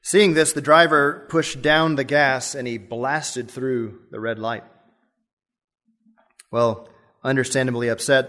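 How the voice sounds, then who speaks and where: A man's voice: mid-range voice, unhurried, a bit bright. A male pastor preaching a sermon, telling a story and explaining it step by step.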